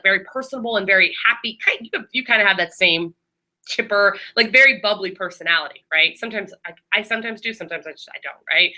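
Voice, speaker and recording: A woman training a class of new receptionists in a room, talking quickly and chattily with many fillers and restarts. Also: mid-range voice, sharp tone, rough recording. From Maryland.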